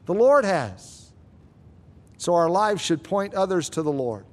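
A man preaching a sermon in an earnest, emphatic way, slowing down for dramatic stress. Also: sits high, big pitch swings, a little mellow. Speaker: pastor.

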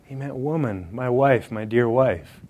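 A man's voice: mid-range voice, a little slow, a little mellow. Joking, conversational male preacher. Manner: conversational and joking, addressing the congregation directly. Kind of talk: sermon.

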